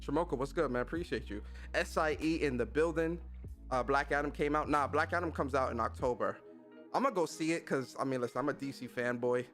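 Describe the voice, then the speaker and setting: A man's voice: medium pitch, fairly bright tone. A man hosting a casual livestream podcast, talking with energy and plenty of slang as he greets his chat. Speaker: podcast host.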